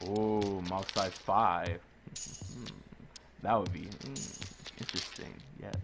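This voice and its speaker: A man giving casual, excitable commentary on his own gameplay, often yelling orders at the game's characters. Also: sits low, slow, background noise. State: out of breath. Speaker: gaming YouTuber. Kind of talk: casual let's play commentary. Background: game music.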